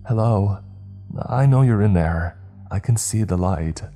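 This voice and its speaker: A man voicing a desperate woman begging to be let in from the dark, tearful and pleading. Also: on the low side, a little slow, faint music behind, pitched above the performer's own voice.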